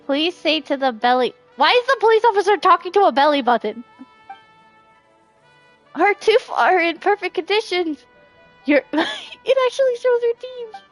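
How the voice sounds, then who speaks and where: A woman's voice: very high-pitched, big pitch swings, normal speed, dry recording, soft background music. A woman streaming a game, chatting casually and reading her chat aloud, giggling often. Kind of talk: casual live commentary.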